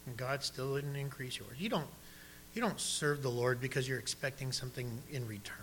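Man, preacher, sermon, bright voice, somewhat high pitch, direct and questioning. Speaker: pastor.

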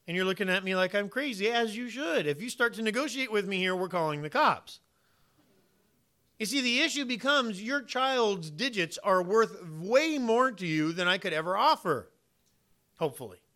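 A man preaching with a bright, forceful voice pitched a little above the usual. He drops to near-whispers for asides, then hammers his points out loud and slow, and acts out imagined exchanges with the congregation. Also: animated. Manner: emphatic, swings from quiet asides to loud punchy points; uses vivid hypotheticals and plays out imagined dialogue. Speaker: pastor. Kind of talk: sermon.

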